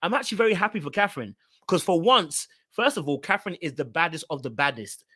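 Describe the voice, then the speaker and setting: Animated man recapping reality TV. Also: on the high side, fast, no echo, clean studio sound. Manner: animated, repeats words, talks straight to viewers. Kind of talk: casual commentary recap.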